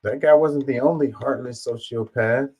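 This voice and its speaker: A man's voice: mid-range voice, normal speed, warm tone, slightly rough, poor audio. A man casually reacting to a news story, reading viewer comments aloud and swearing bluntly.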